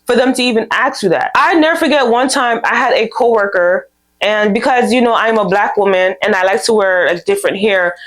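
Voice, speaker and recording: A woman's voice: medium pitch, fairly quick. Candid young woman giving life advice. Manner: candid, animated storytelling with quoted dialogue. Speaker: vlog host. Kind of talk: casual advice talk to camera.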